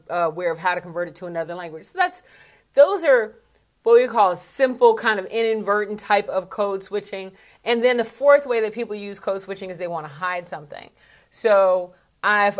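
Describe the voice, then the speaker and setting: A woman speaking coach chats to camera in a casual vlog. She is candid and talkative, and she keeps dropping in asides as she explains her point. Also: medium pitch. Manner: chatty and candid, with frequent fillers and asides.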